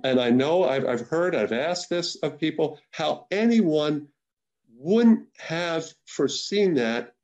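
A man's voice: a little high, a little mellow, dull audio. A man giving unscripted remarks on a policy panel, earnest and emphatic, stumbling through restarts and repeated words. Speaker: panel discussant at a policy webinar.

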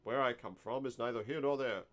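A man's voice: mid-range voice, fairly quick, fairly bright tone, lightly acted. A man voicing a theatrical, self-important male occult shopkeeper who speaks in grand, archaic phrases. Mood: grandiose.

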